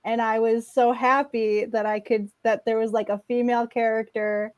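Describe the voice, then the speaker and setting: A woman's voice: on the high side, level tone, moderate pace. A woman co-hosting a casual chat, talking earnestly and laughing now and then. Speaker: podcast co-host.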